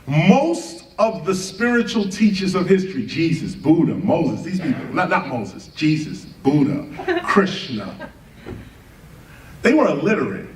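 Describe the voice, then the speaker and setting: A man's voice: a little high, very animated, measured pace, slight background noise. A man giving a lecture to an audience, firing rhetorical questions and spelling words out letter by letter for emphasis. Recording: roomy, distant live lecture recording with faint ambience.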